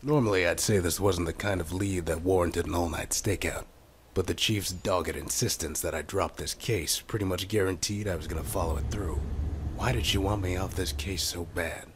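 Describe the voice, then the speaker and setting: A man voicing a deep-voiced noir detective. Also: normal speed, a little hiss or hum, lightly acted. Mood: brooding. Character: hard-boiled male police detective narrating noir-style. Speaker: game character. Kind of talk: noir voice-over narration and game dialogue.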